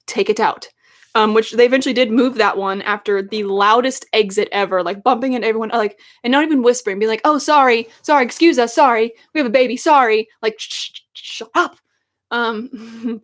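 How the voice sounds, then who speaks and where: Young woman venting about a movie, kinda high voice, sarcastic, lots of likes and ums. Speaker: streamer. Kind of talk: casual movie rant to stream chat.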